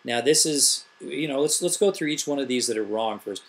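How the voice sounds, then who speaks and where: Here a middle-aged man who teaches elementary school speaks at a fairly quick clip, his medium-pitched voice expressive. He breaks grammar down patiently in a classroom tutorial, tossing out rhetorical questions along the way.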